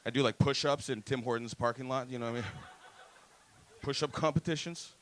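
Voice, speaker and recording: A man's voice: medium pitch, fairly even intonation, brisk, slight background noise. A man in his thirties from Toronto with a Toronto accent, performing stand-up comedy, profane, often laughing, acting out other voices. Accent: Toronto English. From Toronto, Canada. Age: 30s. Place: comedy club stage.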